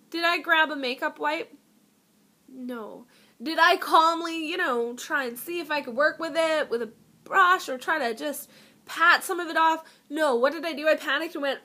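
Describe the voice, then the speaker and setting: A woman's voice: very high-pitched, unhurried, pushed and bright. A young woman beauty vlogger chatting to camera at home, telling a self-mocking story with lots of giggles and dramatic asides. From Canada. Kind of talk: casual haul storytelling to camera.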